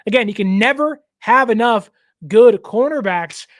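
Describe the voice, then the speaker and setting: A young man hosting a casual sports talk show, given to animated joking rants. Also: extremely high pitch, moderate pace, dry recording, clean studio sound. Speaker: show host.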